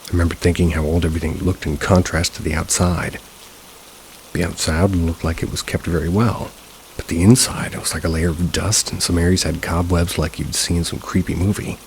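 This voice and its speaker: A man narrating a first-person paranormal story in a steady, low-key manner. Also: a little fast, slight background noise, rough recording. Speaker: narrator of submitted paranormal stories.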